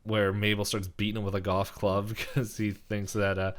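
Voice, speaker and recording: A man's voice: fairly low pitch, completely flat delivery, moderate pace. A young man co-hosting a podcast, casually recapping a cartoon episode in a rambling way, with lots of fillers and laughter. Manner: rambling, many fillers, laughs while talking. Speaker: podcast co-host.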